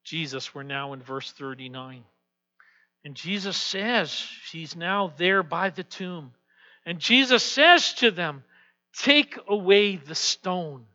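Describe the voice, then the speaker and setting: A man preaching a sermon as pastor, swinging from hushed, quiet passages to loud, emphatic declarations. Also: high voice, expressive, slow pace. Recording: dull lo-fi sound with long hall reverb.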